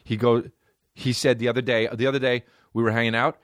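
Talking fast and flatly at a medium pitch, a young man hosting a podcast spins crude, meandering funny stories, laughing often and using plenty of fillers. The sound is dry and studio-clean.

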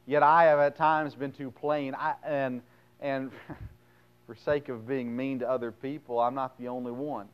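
A man preaching a sermon, reading scripture aloud and then retelling it bluntly in plain words, with sudden swings between loud emphasis and quiet asides. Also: mid-range voice, level tone, unhurried, clean tone, dull audio. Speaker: pastor.

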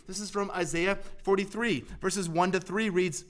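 Earnest preacher man, loud to hushed. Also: sits high, moderate pace, few pauses. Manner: earnest, swings from loud emphasis to hushed, near-whispered lines. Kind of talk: sermon.

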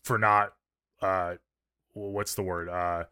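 A man co-hosting a movie review podcast, thinking out loud in a relaxed way and leaning on filler words. His voice is lowish but bright and forceful. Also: slow pace, clean tone. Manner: thoughtful, many fillers like "like" and "you know". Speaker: podcast co-host. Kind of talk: casual movie review chat.

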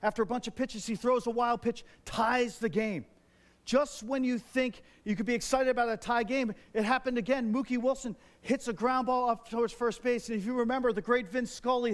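A man in his forties preaching a sermon as a pastor, telling stories with lively, building excitement. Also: very high voice, brisk. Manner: animated storytelling, grows loud and excited. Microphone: wears a microphone.

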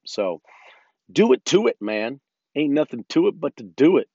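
A man's voice: medium pitch, very animated, normal speed, a little mellow, breathy edge, no echo. A man in his thirties ranting casually and profanely, rambling with many restarts, in a car. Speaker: vlogger. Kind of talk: casual rant. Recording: dull lo-fi sound.

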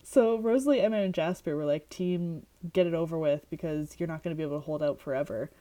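A woman with a somewhat low voice co-hosts a casual book-discussion podcast. She talks in a loose, chatty way, leaning on "like" and stopping to read passages aloud. She sounds like she is on a remote call with her co-host. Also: fast talker, warm tone. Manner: chatty, heavy use of "like", reads passages aloud.

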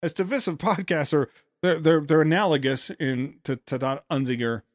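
Man, podcast host, sarcastic commentary, quick asides, dry close sound. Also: fairly high pitch, no echo. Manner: sarcastic, rapid asides with restarts. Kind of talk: critical commentary on a played speech.

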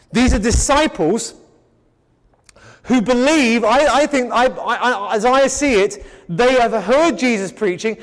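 Male Bible teacher, sermon delivery, high voice, emphatic repetition, stammered restarts; hall reverb. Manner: emphatic, repetitive rhetorical build-ups.

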